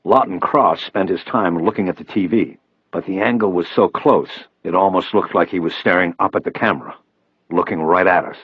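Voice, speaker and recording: A man narrating a crime audiobook in the first person, with expressive, steady storytelling. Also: low voice, normal speed, breathy edge, no echo, muffled recording.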